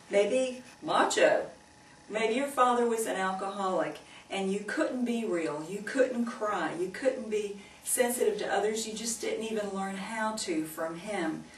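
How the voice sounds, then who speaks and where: A woman giving a Christian teaching, earnestly telling a story and gently urging her listeners. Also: mid-range voice. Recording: echoey room, mic at a distance, faint noise.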